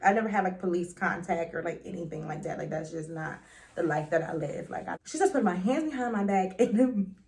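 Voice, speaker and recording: A young woman telling a dramatic story in a chatty storytime vlog, full of slang and quick swings between loud and hushed. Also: on the low side, expressive. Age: young adult. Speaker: vlogger.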